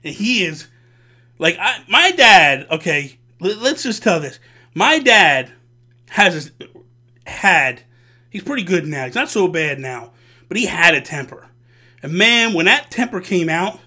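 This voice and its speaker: Bright, animated male storyteller. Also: high-pitched. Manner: animated, profane and dramatic. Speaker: host. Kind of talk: casual storytelling.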